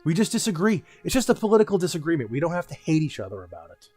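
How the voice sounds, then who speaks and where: Young male streamer, casual and blunt, ranting and swearing, slightly high pitch, soft music behind. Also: big pitch swings, rapid-fire. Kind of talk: casual livestream chat.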